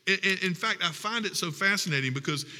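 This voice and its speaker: A man's voice: high-pitched, expressive, fast talker, pushed and bright, in a large hall. A man preaching a sermon as pastor, reading scripture and building to emphatic, humorous appeals. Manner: preaching with rising emphatic passages and humorous asides.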